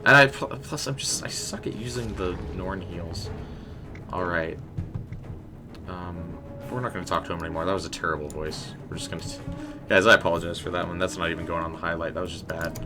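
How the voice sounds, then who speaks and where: Deep-voiced man chatting through a game stream. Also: fairly quick, music in the background. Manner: chatty and rambling, talking to chat. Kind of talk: casual live gameplay commentary.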